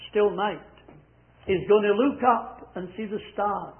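A man preaching a sermon, repeating scripture lines slowly and with emphasis. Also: sits high, slightly rough. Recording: tinny phone-like sound.

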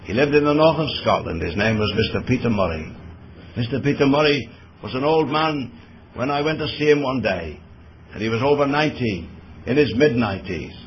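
A man's voice: mid-range voice, expressive, a little fast. A man preaching a sermon earnestly, pointing his listeners to scripture with shifting emphasis. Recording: dull lo-fi recording with faint background noise.

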